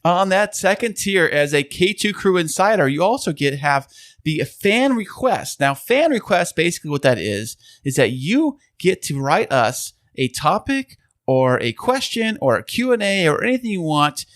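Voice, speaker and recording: Male co-host with a lively, bouncing pitch-man read and a dry close mic. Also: moderate pace, no echo. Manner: upbeat, pitchman-like delivery. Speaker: podcast co-host. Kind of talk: casual chat, playful sales pitch. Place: home studio.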